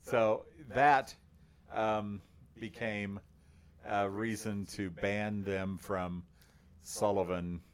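A man with a baritone voice co-hosts a casual podcast. He tells his story slowly and in a low register. He rambles and fills his pauses as he goes. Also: fairly even intonation, slight background noise. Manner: slow, rambling storytelling with many fillers. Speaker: podcast co-host. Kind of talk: casual chat.

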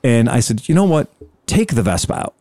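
A man's voice: medium pitch, sing-song, fairly quick, warm tone, dry recording, clean studio sound. A man telling a long sales story in casual chat, acting out both sides of the conversation. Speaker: scooter dealer telling a story.

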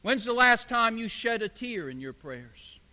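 A male pastor with a high, ringing voice preaches with emphasis, stacking repeated phrases. His sermon carries a long reverb from a large hall. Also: big pitch swings, a little slow, sharp tone.

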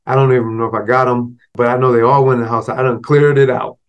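A man's voice: mid-range voice, little pitch movement, quick pace, dull audio. A man hosting a podcast, telling a personal story in a motivational way. He speaks casually, with frequent asides like "right?" and "you know.". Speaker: podcast host.

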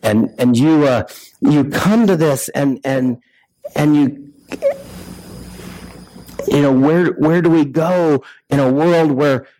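A man gives a sermon in a relaxed, conversational style. He keeps asking his listeners questions and often starts a sentence over. His voice sits a little high for a man and is recorded close and dry, with almost no room sound. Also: slow pace, long pauses, dry recording, rough recording. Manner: conversational preaching with rhetorical questions and restarts. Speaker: pastor.

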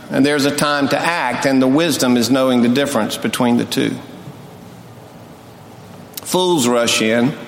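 An older man preaching a sermon in a church sanctuary. He tells stories in a folksy, humorous way, sometimes quick and sometimes drawn out. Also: medium pitch. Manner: folksy, humorous storyteller, pace swings between quick and drawn out. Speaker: pastor. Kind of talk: sermon with storytelling. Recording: echoey hall, faint noise.

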